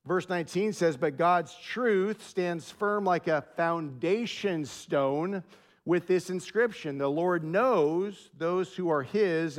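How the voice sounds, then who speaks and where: A male pastor giving a sermon in a conversational way, telling personal stories and repeating key phrases for emphasis. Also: fairly high pitch. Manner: drops to a soft hush when telling a quiet story.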